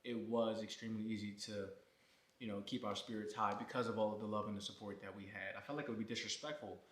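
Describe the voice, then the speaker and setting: A man's voice: lowish voice, steady tone, fast talker, a bit bright. Joking laid-back man, echoey room. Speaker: vlogger, husband co-host. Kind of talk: casual chat.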